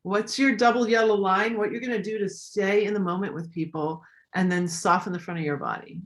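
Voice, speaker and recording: A woman coach giving tips in a live online talk, animated, acting out voices as she demonstrates them. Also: medium pitch, a little fast. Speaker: voice and communication coach.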